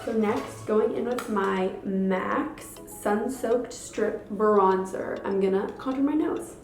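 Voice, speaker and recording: A young woman with a hoarse voice from a cold, chatting casually through a makeup tutorial step by step. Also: mid-range voice, slow pace. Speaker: beauty vlogger. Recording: echoey room, faint background music.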